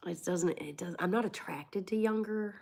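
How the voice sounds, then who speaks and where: Her voice is lowish and creaky with a darkish tone, at a moderate pace. She's a forties-aged Florida woman with a cold, hosting a laid-back livestream where she spins blunt, profane tales and acts out others' words.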